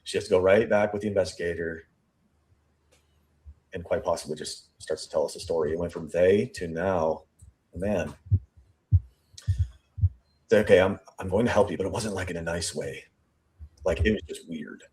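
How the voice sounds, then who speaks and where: Against slight background noise, a man with a somewhat low voice dissects a witness statement piece by piece on his true crime show. He thinks aloud, repeating and restarting words as he looks for the right one, and reads quotes back slowly before speeding through his comments.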